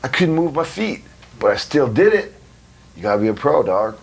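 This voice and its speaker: A man's voice: medium pitch, sing-song, moderate pace, gravelly, breathy edge. A man giving a blunt, rambling interview, swearing freely and laughing between stories. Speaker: interviewee, wrestler. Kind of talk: casual profane interview. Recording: recorded in 2002.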